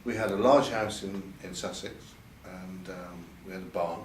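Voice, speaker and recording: Older man, low voice, roomy. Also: moderate pace, a little hiss or hum. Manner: hesitant, repeats words, quotes others in a lifted voice. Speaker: interviewee. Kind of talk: candid reminiscing interview. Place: event venue. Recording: roomy sound from a distant mic, faint ambience.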